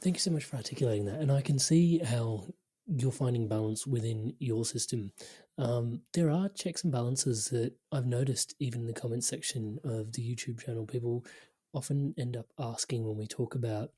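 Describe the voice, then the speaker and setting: A male podcast host thanks his guest and frames the next question in a measured, appreciative manner. His voice is warm and mellow, with a husky edge to it. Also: mid-range voice. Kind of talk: interview.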